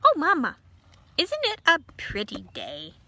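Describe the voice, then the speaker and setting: A woman's voice: huge pitch swings, measured pace, sharp tone, no echo, exaggerated voice. A woman voicing a small, cheerful and eager creature girl in a storybook reading. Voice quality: high, piping.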